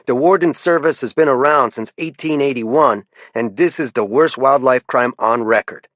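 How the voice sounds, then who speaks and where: A man's voice: mid-range voice, normal speed, a bit bright, no echo, voice pushed up, lightly acted. A man voicing a theatrical, pompous game warden lieutenant with a sing-song francophone accent. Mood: commanding. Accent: francophone Maine French. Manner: sing-song lilt, speechifying.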